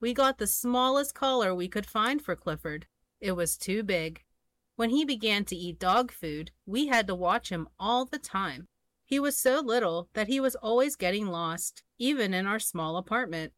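Woman, children's storybook read-aloud, gentle and expressive, mid pitch, dry close sound. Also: moderate pace, no echo. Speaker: storybook reader.

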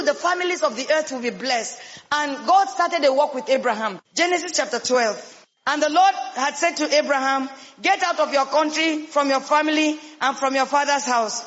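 A man with a Nigerian English accent preaches with a strikingly high, bright voice. He hammers home his points with rhetorical questions and bursts of shouting. The sound carries a long hall reverb and a dull, lo-fi quality. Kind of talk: sermon.

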